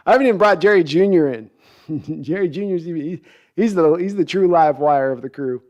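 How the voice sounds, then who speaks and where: Chatty, slightly high-voiced male host. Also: moderate pace, a little mellow, highs cut off. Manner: chatty, self-deprecating, laughs often. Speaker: sports podcast host. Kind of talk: casual livestream chat, reading comments.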